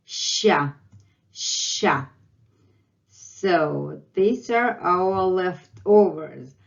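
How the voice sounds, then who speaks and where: A woman teaching a Russian lesson, drilling each sound by slow repetition. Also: on the low side, highs cut off. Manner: drills sounds by repeating them slowly. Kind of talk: slow, careful language lesson.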